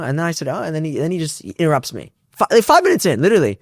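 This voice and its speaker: A man's voice: on the high side, huge pitch swings, racing, husky, no echo, clean studio sound. A young man, a startup founder, casually telling a story in an interview, acting out both sides of phone calls with lots of restarts and fillers.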